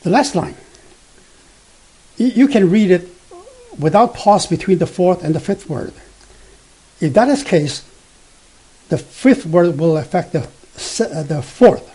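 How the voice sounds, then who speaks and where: Slow, husky-voiced man teaching Mandarin. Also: high-pitched, lively intonation, mellow. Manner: slow, halting, many "uh" fillers and restarts; reads example sentences very slowly, tone by tone. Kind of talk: slide-based language lesson.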